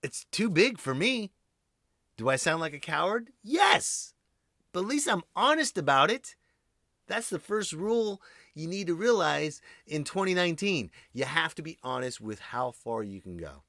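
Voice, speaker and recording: A man riffing through a comedic podcast monologue, jumping from loud bursts to muttered asides. His pitch swings widely as he goes. The sound is dry and close, with no room around it. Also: sing-song, moderate pace, no room sound. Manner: rambling and jokey, swinging between loud outbursts and muttered asides. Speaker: podcast host.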